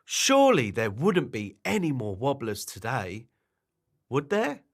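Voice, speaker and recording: A man reading a children's bedtime story aloud, in an animated and expressive way. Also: mid-range voice, unhurried.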